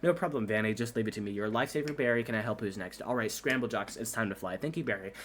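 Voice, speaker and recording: A man's voice: fairly low pitch, rapid-fire, slight background noise. A man reading a whole movie script aloud at breakneck speed for laughs, doing every character in his own voice and tripping over words. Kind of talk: rushed comedic script reading.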